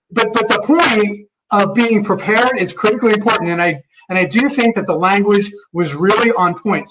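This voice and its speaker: A man speaking as a chiropractor on a webinar panel, quick and enthusiastic, often stumbling over repeated words. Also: high voice. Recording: distant, noisy video-call audio.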